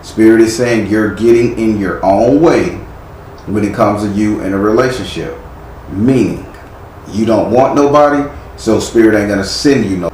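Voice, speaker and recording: The tarot reader here has a lowish, slightly mellow voice and speaks at normal speed. Giving a live reading, he's blunt and scolding with slangy phrasing, and the room adds echo and faint noise.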